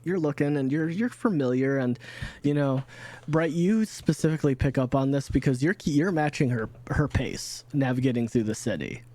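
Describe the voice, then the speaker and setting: A man's voice: mid-range voice, moderate pace, warm tone. A man narrating as game master of a tabletop game, rambling with frequent restarts. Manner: rambling, many fillers and restarts.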